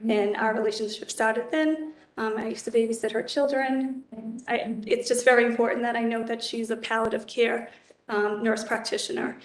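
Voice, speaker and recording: A woman in her fifties giving earnest, measured, formal testimony as a judicial nominee at a hearing. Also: a little high. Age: 50s. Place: council hearing chamber. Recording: echoey hearing room.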